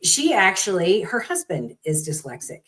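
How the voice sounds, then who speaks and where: Animated middle-aged woman telling a story. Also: medium pitch, normal speed, noisy background. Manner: animated, acts out quoted people. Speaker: guest parent. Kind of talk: conversational storytelling.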